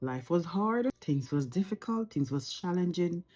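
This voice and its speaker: Jamaican woman, forties, mellow and warm tone, unscripted reflective to-camera talk from home. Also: lowish voice, animated, measured pace. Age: 40s. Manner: reflective, earnest, repeats phrases for emphasis. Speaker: vlogger.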